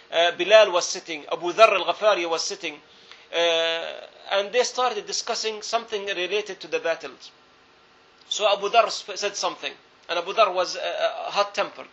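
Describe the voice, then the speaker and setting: Very high-voiced earnest male preacher. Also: normal speed, fairly bright tone. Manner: earnest storytelling, repeats phrases for emphasis. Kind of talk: sermon. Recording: dull lo-fi recording.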